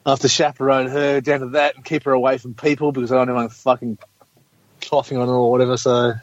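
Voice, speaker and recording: A man's voice: medium pitch, little pitch movement, quick pace, dry recording. A man in casual podcast chat, laid-back and sweary. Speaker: podcast co-host. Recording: dry, dull lo-fi recording.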